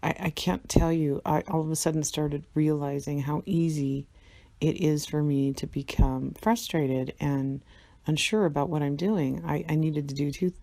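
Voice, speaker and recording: A woman's voice: deep voice, fairly even intonation, moderate pace, vocal fry, warm tone, no room sound. A tired woman in a casual vlog monologue, rambling, swearing a lot and laughing often. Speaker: vlogger.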